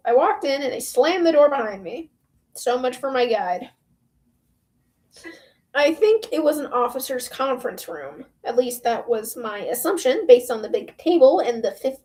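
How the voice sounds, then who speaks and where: A woman's voice: sits high, lively intonation, moderate pace, mellow. Brief: woman reader, casual book read-aloud, playful commentary. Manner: playful, chatty asides between passages.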